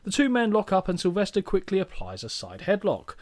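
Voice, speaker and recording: Lively young man joking through a recap. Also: sits high, fairly quick. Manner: joking, playful match recap. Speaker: podcast co-host. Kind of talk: casual chat reading a match recap.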